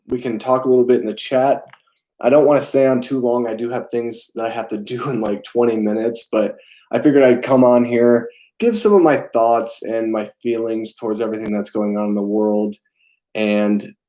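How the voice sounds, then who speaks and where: A young man hosting a casual live stream, talking haltingly with many fillers and answering viewers' chat messages. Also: medium pitch, dark tone, low-quality recording. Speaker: film channel host.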